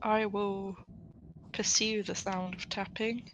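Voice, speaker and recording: A woman's voice: mid-range voice, level tone, takes it slowly, a bit bright, a little hiss or hum, low-quality recording. A woman describing her character in a tabletop game, hesitant with many fillers. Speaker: player.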